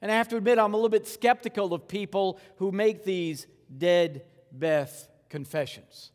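A male pastor delivers a sermon in a chatty, conversational tone, swinging from loud, pressing rhetorical questions down to hushed, reverent lines. His voice sits a little high for a man. A long reverb from a large hall trails after every phrase. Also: normal speed.

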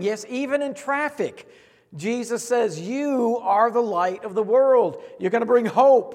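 Male pastor, high voice, earnest sermon cadence, recorded in a reverberant sanctuary. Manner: earnest, repetitive preaching cadence. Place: church sanctuary. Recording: long hall reverb.

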